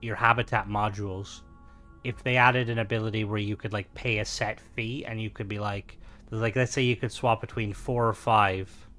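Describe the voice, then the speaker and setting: A man's voice: fairly low pitch, fairly even intonation, normal speed, pushed and bright, faint music behind. A man streaming a game, chatting casually with lots of filler words while playing. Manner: rambling, many filler words. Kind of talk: casual gameplay commentary.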